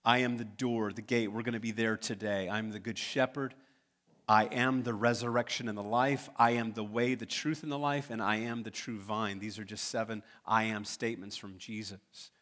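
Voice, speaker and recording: A man preaching a sermon in a church, talking in a relaxed way and making joking asides to the congregation. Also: on the low side, normal speed. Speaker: pastor. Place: church sanctuary.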